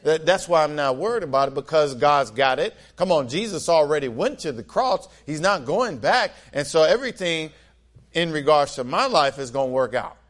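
Man preaching with lively call-and-response. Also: a little high, normal speed. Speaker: pastor. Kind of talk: sermon.

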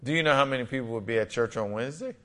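A male pastor preaching a lively, conversational sermon, often acting out little scenes and quotes. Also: medium pitch, rapid-fire.

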